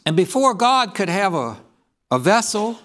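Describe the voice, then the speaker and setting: A man's voice: sits high, sing-song, a little slow, a bit bright. A man preaching a sermon, reading scripture aloud and asking the congregation questions. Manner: reads scripture aloud in King James wording.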